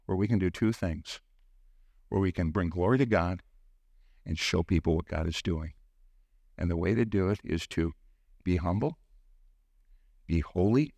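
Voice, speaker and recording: Low-pitched and darkish, this middle-aged man's voice comes through clean studio sound with no room ambience. Preaching as part of a church teaching team, he shares personal stories in a storytelling style, performing the people in them with sudden lifts for their quoted lines.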